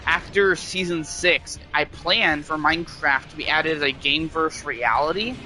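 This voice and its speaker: A man chats casually with viewers while streaming a game, wandering off topic and restarting sentences. His voice is bright and a little high, and faint game music plays behind him. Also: a little slow. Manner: rambling, restarts sentences, chatty. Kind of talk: casual live-stream chat.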